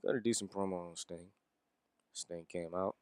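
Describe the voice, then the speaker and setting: A man's voice: sits low, steady tone, moderate pace, a little mellow, clear, resonant tone, no echo. A man giving a casual, rambling wrestling review, swearing and chuckling as he goes.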